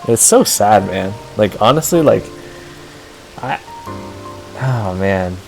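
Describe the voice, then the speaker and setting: A man with a low, gravelly voice talks casually and earnestly on a stream, piling up fillers as he rambles. He gets openly sentimental. Soft game music plays faintly behind him. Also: expressive, slow pace, poor audio. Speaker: streamer touring a game housing build. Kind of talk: casual chat.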